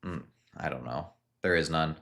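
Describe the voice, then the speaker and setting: A man with a very deep voice reads viewer questions off a live chat and answers each one in turn. He talks in a loose, unhurried way, often stopping and restarting a sentence before he gets it out. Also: creaky, bright, forceful tone. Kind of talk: casual live-stream chat.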